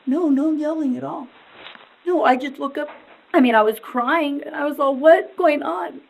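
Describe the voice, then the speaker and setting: Dazed and distraught, a woman answers police interview questions in halting, rambling bursts, repeating herself again and again. Her high voice is heavy with gravelly fry, and the recording quality is low.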